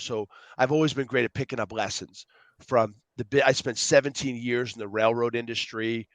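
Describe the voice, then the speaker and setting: A man speaking as a podcast guest in a mid-range voice, animated and talkative. He acts out the people in his stories and drifts between tangents. The sound is dry, with no room echo. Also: medium pitch. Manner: rambling, jumps between tangents. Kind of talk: casual storytelling interview.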